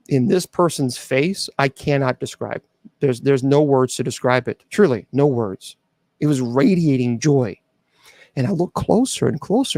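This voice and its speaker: A man's voice: medium pitch, a little mellow, no echo. Earnest middle-aged man, dry close sound. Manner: earnest, halting with restarts and fillers. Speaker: host. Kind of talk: personal testimony to an audience.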